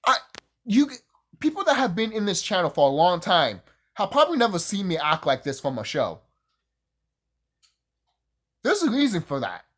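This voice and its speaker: A man casually reviewing a TV show on his channel, excitable and profane, rambling and gushing. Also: sits high, normal speed, pauses often. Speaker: YouTube reviewer.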